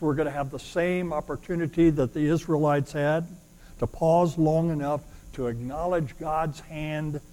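A male pastor preaches a sermon in a fairly high voice, hammering his points home with loud, ringing declarations before dropping into softer, more intimate asides. The recording is rough.

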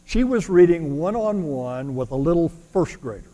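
A male pastor delivering a sermon in a fairly high voice. He drives his points home with loud, ringing declarations, then drops back to softer, more intimate asides. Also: animated, normal speed, low-quality recording. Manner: emphatic, swings between loud declarations and quiet asides.

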